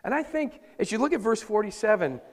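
A man preaching a sermon as pastor, moving between loud emphasis and hushed, intimate asides. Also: sits high, animated, a little fast, gravelly. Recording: long hall reverb.

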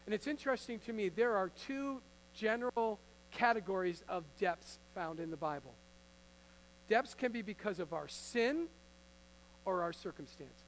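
High-voiced pastor man preaching to his church, earnest and chatty, slight hum in the background. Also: expressive, normal speed, rough recording. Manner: earnest, conversational, acts out Bible figures. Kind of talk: sermon. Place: church before a congregation.

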